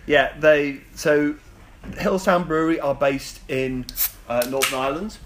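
A man co-hosting a casual podcast chat, steady and keeping the talk on track. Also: on the high side, unhurried. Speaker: podcast co-host.

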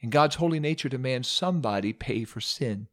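A man's voice: mid-range voice, expressive, brisk, fairly bright tone. Male preacher, dramatic sermon storyteller with wry asides.

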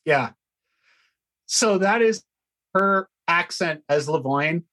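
A podcast host chatting casually in a mocking, animated way. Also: mid-range voice, slow. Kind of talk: casual chat.

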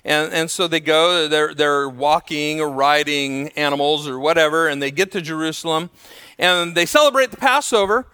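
A male pastor preaching a sermon, telling stories in an animated way and acting out the voices of the people he quotes. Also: a little high, moderate pace, clear, resonant tone, big-room sound.

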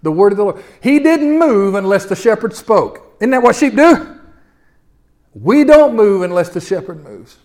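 A man with a notably high-pitched voice preaches a sermon. He swings between loud, pressing exhortation and quiet, low musing. He calls on the congregation to repeat lines after him. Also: very animated, moderate pace. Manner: repetitive, call-and-response delivery with stutter-starts. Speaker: pastor.

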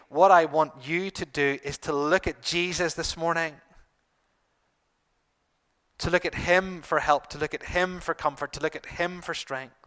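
A middle-aged man preaching a sermon to his congregation, earnest, repeating phrases and pausing for emphasis. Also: a little high, a bit bright. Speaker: pastor.

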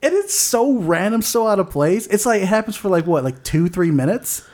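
A woman's voice: mid-range voice, very animated, moderate pace, a little mellow, a little hiss or hum. A woman co-hosting a movie podcast, rambling casually with lots of fillers and laughter. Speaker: podcast co-host. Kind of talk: casual chat.

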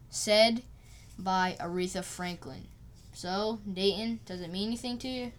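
A woman's voice: medium pitch, a little slow. A woman hosts a light, scripted podcast with playful banter. She giggles between lines and races through the sponsor mentions. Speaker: podcast co-host.

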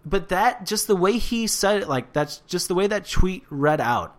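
A man co-hosting a casual wrestling podcast, ranting and swearing with animated bursts of shouting. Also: high voice, moderate pace. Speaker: podcast co-host. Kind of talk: casual wrestling recap chat.

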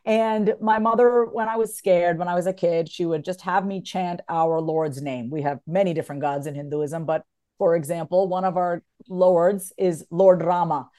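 A woman's voice: on the low side, steady tone, normal speed, dark tone. A woman talking candidly and emotionally as an author guest in an interview. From United States. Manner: candid and emotional, swings from tearful to laughing.

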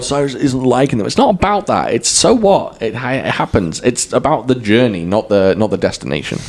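Lively chatty man. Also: mid-range voice. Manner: chatty, laughs easily, lively delivery. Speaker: podcast co-host. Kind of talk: casual chat.

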